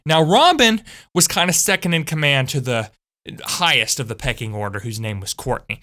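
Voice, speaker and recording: A woman telling a story from school in a chatty, animated way, with frequent asides to her viewers. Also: low voice. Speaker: channel host. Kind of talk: storytime vlog.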